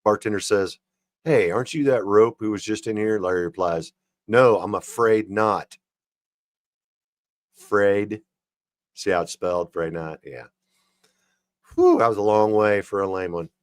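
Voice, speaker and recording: A man hosts a livestream, reading jokes one after another and adding his own chuckling remarks. His voice sits on the low side. The sound is dry and close, with no room echo. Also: moderate pace. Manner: reads jokes then chuckles and comments on them. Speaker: livestream host.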